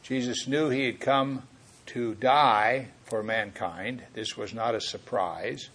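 Man, preacher, Bible teaching sermon, earnest, self-correcting, mid-pitched. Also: takes it slowly, a bit bright, husky.

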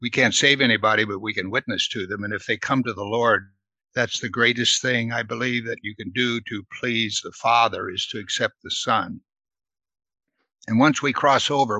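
Man, Bible study teacher, chatty and earnest, bright tone, close and dry. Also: medium pitch, creaky, slightly rough, no room sound. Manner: earnest, asks the listeners questions, adds "right?".

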